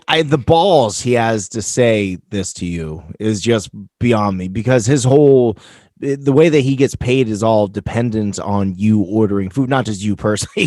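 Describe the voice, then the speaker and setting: A man's voice: mid-range voice, a little mellow, no room sound, clean studio sound. A man co-hosting a podcast, joking and bantering in casual chat. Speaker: podcast co-host.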